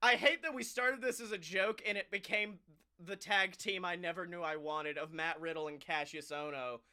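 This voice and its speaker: Animated, profane male wrestling podcaster. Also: sits high, moderate pace, clear, resonant tone. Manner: animated, profane, laughing storyteller. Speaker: podcast co-host. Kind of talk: casual wrestling chat.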